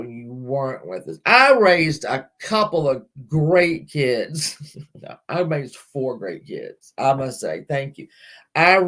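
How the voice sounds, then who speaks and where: Rambling, chatty middle-aged woman. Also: extremely low pitch. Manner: rambling, chatty, laughs often, swears casually. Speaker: livestream host. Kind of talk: casual livestream chat.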